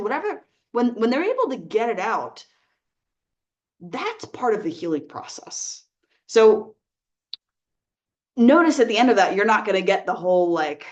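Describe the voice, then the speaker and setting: A woman working as a life coach, giving earnest, gentle advice straight to the viewer and often checking in with "right?". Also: mid-range voice. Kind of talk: advice talk to camera.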